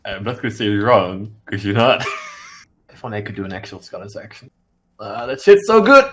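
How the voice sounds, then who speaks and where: A man's voice: on the low side, lively intonation, brisk, pushed and bright. A man co-hosting a casual podcast while drawing, joking around and swearing casually. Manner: jokey, swears casually, laughs often. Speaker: podcast co-host.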